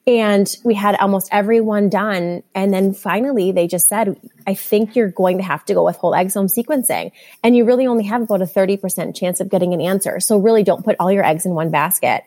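A woman's voice: medium pitch, brisk. Candid mom telling her story. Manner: candid storytelling, animated retelling. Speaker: podcast guest, mother. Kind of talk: casual chat.

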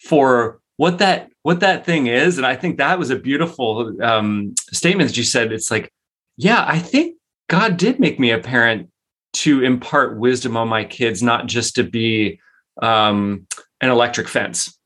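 A man's voice: medium pitch, lively intonation, measured pace, a bit bright. A man co-hosting a podcast, speaking casually in a rambling way with many restarts. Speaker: podcast co-host.

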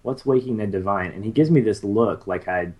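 Low-voiced guy in his 30s, rambly podcast co-host, lots of ums. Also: brisk, a little mellow. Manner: rambling, with many fillers and restarts. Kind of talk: casual chat.

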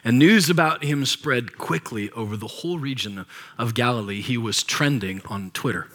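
A male pastor delivering a sermon with a bright, forceful tone. He talks to the congregation in a relaxed, conversational way, with playful jokes between scripture readings. His voice sits at a middle pitch for a man. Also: moderate pace. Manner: conversational, joking asides to the congregation; reads scripture aloud with commentary.

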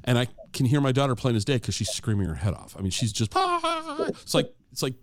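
Talking fast at medium pitch, a middle-aged man delivers a long, easygoing story and acts out the quoted lines with animation. Fillers and restarts keep it conversational. It's a studio-quality recording without echo.

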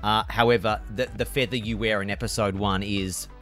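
A man with an Australian accent hosting a radio interview, teasing and joking in quick playful chatter. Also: fairly low pitch, steady tone, a bit bright, faint music behind. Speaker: radio host.

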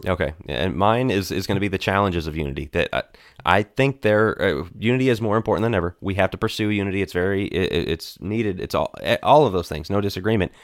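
A man's voice: low voice, fast, dry recording. Earnest man explaining scripture, dry sound. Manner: earnest, frequent restarts, speeds up when explaining. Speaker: preacher on a church discussion panel. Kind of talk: conversational Bible discussion.

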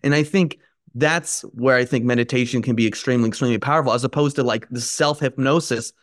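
A man's voice: medium pitch, fast, no room sound, clean studio sound. A man hosting a podcast, talking thoughtfully and searching for his words, with frequent fillers. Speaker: podcast host. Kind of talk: reflective conversational talk.

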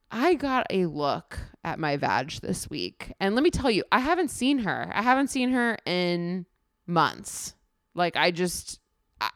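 A woman's voice: mid-range voice, a bit bright, smooth, dry recording, studio quality. A woman hosting a podcast in candid, chatty conversation. She laughs often and fills her talk with "like.". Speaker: podcast host. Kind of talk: casual podcast chat.

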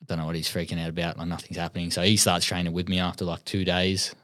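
A very deep-voiced young Australian man speaks with an Australian accent, relaxed and easygoing, dropping swear words and laughing between lines. The sound is dry and close, with no room around it. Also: fast talker, dry recording. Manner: laid-back, swears freely, laughs often. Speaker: podcast guest. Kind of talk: casual storytelling interview.

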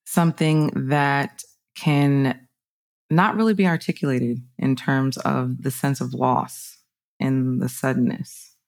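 Female interviewer, deep for a woman, attentive and reflective. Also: fairly even intonation, slow pace, darkish tone.

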